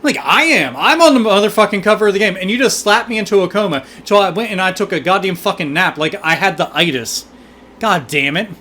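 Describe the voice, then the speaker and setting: A man giving profane, excitable, joking commentary while livestreaming a game. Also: high-pitched, a little fast. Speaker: streamer playing a game.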